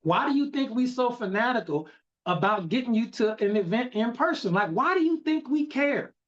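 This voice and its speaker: A man with a fairly high voice coaches his team on a video call, hammering his points home and repeating the key lines. His delivery is emphatic and preachy. The audio is dull and lo-fi. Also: animated, moderate pace. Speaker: network marketing team leader. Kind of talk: motivational training talk.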